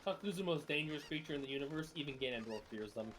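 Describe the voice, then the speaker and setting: Lively, higher-voiced joking man. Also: rapid-fire. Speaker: co-commentator. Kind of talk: casual gameplay commentary.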